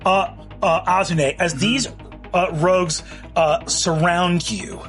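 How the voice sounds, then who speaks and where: A man acting as game master, narrating a tabletop game with vivid, animated description. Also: high-pitched, slow, soft background music.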